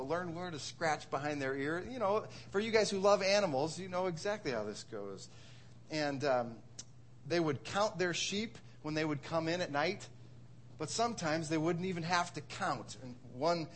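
A man's voice: fairly high pitch, a little hiss or hum. Conversational male pastor preaching. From Wisconsin. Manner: conversational, asks rhetorical questions, repeats words. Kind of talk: sermon.

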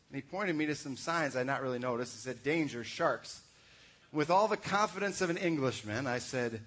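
A pastor preaching a sermon in a conversational way, asking the congregation questions. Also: male voice, on the high side, normal speed, a bit bright.

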